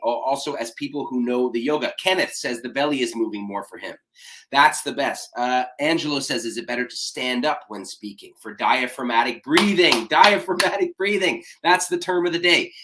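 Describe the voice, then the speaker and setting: A man leading a public speaking warm-up workshop, coaching breathing and voice exercises with an energetic manner and a slightly cracking voice. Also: medium pitch. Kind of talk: live-streamed warm-up workshop.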